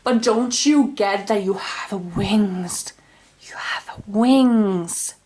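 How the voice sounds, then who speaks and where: Slow, dreamy woman. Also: mid-range voice, darkish tone, slight background noise. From Finland. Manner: dreamy, rambling, with sighs. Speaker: tarot reader. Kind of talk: casual tarot reading.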